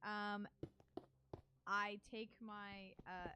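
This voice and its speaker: A woman playing a tabletop role-playing game, slowly describing her moves with fillers and giggles. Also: mid-range voice, flat delivery, noisy background. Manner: slow, giggly, filler-heavy. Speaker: player. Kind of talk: casual tabletop play.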